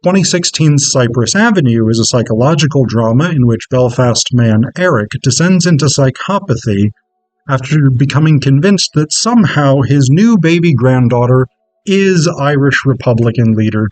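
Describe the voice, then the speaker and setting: Man, conference presenter, scripted academic reading, measured, dry close sound. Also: mid-range voice, lively intonation, no echo, low-quality recording.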